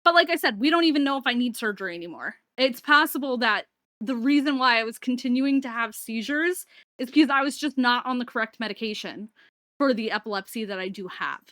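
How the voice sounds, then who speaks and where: A woman's voice: on the high side, lively intonation, brisk, fairly bright tone, dry recording. Woman streaming from home, chatty and a bit sweary, dry close mic sound. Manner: rambling, candid, swears casually. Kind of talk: casual live-stream chat. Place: room at home.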